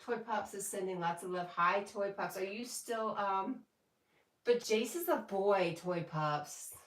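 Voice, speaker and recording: A woman's voice: mid-range voice, measured pace. A woman hosting a casual livestream from home, chatting and reading viewer comments aloud with frequent laughs. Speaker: livestream host. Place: home, indoors. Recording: echoey room, voice from a distance.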